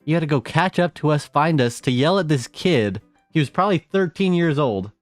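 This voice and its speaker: A man's voice: on the high side, animated, fairly quick, dry recording, soft background music. A young man chatting casually on a live stream, rambling through stories and laughing often.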